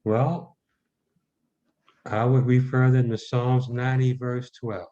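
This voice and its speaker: A man from Baltimore talks as a guest on a podcast, measured and deliberate. His voice is mellow and dark, and the recording sounds dull and lo-fi. His pitch sits in the middle. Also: level tone. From Baltimore, Maryland. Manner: measured, spells out web addresses slowly. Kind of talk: podcast interview. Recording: dull lo-fi audio.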